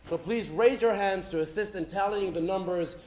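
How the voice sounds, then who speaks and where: A man acting a brisk, officious wartime official addressing a crowd in a live stage play, with hesitant fillers. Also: high-pitched, darkish tone, lightly acted. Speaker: stage actor. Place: theatre stage. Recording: echoey theatre stage.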